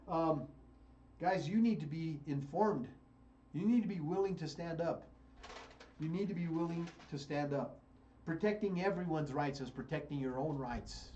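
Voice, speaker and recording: A man's voice: fairly high pitch, normal speed, mellow, lo-fi sound. An American man hosting a radio show, giving fiery political commentary and repeating phrases for emphasis. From United States. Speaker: radio host.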